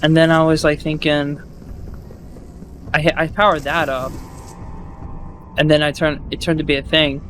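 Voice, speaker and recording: A man casually recapping a game he played, rambling and swearing, acting out his own thoughts with loud outbursts, with loud music behind. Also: on the high side, level tone, normal speed, long pauses, slight background noise, low-quality recording. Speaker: gaming video host.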